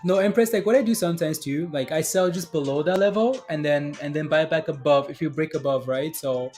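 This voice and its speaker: Young male streamer, high voice, rambling casual chat with lots of laughs and fillers. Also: a little fast, a little mellow, soft background music. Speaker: livestream stock trading host. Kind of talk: casual livestream chat reading viewer comments.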